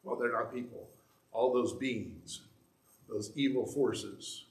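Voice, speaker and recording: A man's voice: medium pitch, takes it slowly. A middle-aged male pastor giving a conversational sermon with asides and restarts in a church sanctuary. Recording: echoey church room.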